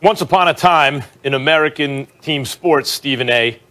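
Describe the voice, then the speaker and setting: A man on a sports debate show, animated, asking rhetorical questions and acting out quotes. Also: on the high side, moderate pace.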